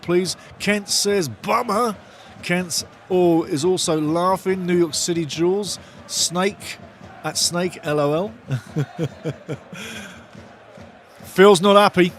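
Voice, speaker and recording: Excitable man hosting a football watch-along. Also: sits high, a little hiss or hum. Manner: partisan, excitable, talks to chat viewers. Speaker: host of a live match watch-along.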